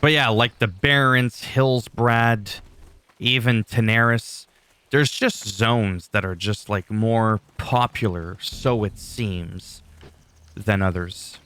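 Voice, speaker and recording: A man's voice: fairly low pitch, takes it slowly, a bit bright, smooth. A man giving casual, rambling gameplay commentary with dry sarcastic asides.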